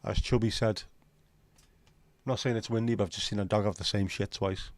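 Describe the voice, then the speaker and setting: A man's voice: lowish voice, fairly even intonation, fairly quick, no echo. Sweary Liverpool man ranting on a livestream. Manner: opinionated, sweary, rambling rant. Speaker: livestream host. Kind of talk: casual chat to a live audience.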